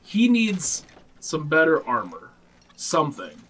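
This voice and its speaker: A man playing a character in a tabletop game, his voice bright and a little high. He talks in a relaxed, offhand way. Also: takes it slowly. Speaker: player. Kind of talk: casual in-character play.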